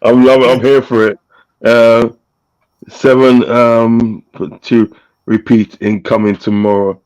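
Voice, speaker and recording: A man's voice: mid-range voice, flat delivery, slow, smooth, rough recording. A man hosting a casual live-stream chat, reading out viewers' messages with frequent laughter. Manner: laughs often, reads out chat shout-outs. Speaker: host.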